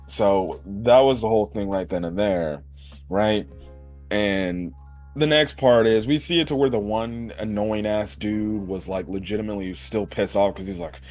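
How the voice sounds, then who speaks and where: Here a man with a lowish, slightly mellow voice talks through an anime episode as a reviewer. It's a loose, rambling recap peppered with swearing and constant fillers such as "like" and "right."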